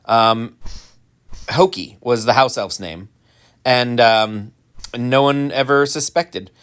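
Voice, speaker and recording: A man giving casual, rambling commentary while playing a game, full of ums and restarts, with animated mock-indignant asides. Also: mid-range voice, takes it slowly, clear, resonant tone. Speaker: gaming channel host.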